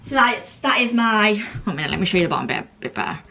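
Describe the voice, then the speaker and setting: A woman's voice: medium pitch, sing-song, fast, gravelly, bright, forceful tone. Vlogger, young woman, rambling casual chat, handheld phone, faint background hiss. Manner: chatty, rambling, laughs often, lots of "um". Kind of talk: casual chatty vlog.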